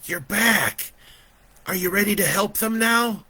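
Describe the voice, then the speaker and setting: A man's voice: sits high, bright, forceful tone, breathy edge, no echo, pitched above the performer's own voice, heavily acted. Man putting on a solemn ghostly little boy. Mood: urgent. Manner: pleading, commanding, slow and emphatic.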